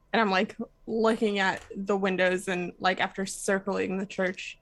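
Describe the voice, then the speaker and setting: A woman playing in a tabletop role-playing game who plans out loud and jokes about her own accent. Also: medium pitch, level tone, normal speed, hardly any pauses, no echo. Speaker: player.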